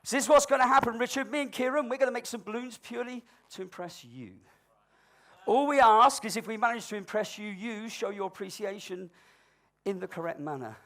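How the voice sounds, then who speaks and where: On stage before a live audience, a high-voiced man who does comedy balloon modelling teases the crowd at a fairly quick pace. His patter is cheeky and mock-dramatic, flipping between loud announcing and quiet asides.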